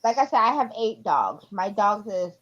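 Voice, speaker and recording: A woman's voice: medium pitch, very animated, normal speed. A woman chatting casually on a livestream, rambling a bit with fillers as she tells dog stories. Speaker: livestream co-host. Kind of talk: casual chat. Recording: dull lo-fi audio.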